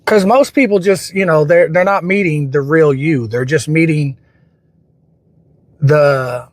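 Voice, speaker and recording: A livestream host gives a reflective, motivational talk in a slightly high voice at a measured pace, with no room sound. He speaks earnestly and keeps returning to repeat his points.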